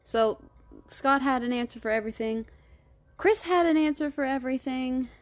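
A woman hosting a true crime podcast, retelling the case in a casual, animated way, cursing freely and acting out the quoted lines. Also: sits high, moderate pace.

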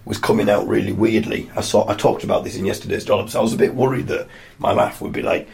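A hoarse man with a Yorkshire accent who is losing his voice, telling a rambling story with self-mocking asides in a casual spoken diary. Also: lowish voice, steady tone, quick pace. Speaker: podcast host.

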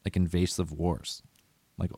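A man with a low voice rambles through a casual podcast chat, swearing freely and losing track of his notes. He sounds close and dry, with no room around him. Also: flat delivery, unhurried, warm tone, husky, no room sound. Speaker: podcast host.

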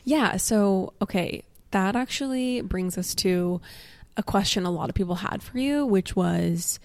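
Teasing woman co-host, gravelly voice. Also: medium pitch, unhurried, darkish tone. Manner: teasing, playful. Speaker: podcast co-host. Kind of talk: casual chat.

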